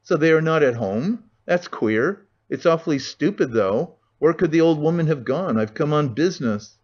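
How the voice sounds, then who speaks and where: A man's voice: on the high side, lively intonation, moderate pace, darkish tone. A man voicing an impatient, heavyset man who bawls in a thick voice, on a dull lo-fi recording. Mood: grumbling. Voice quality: thick, bawling.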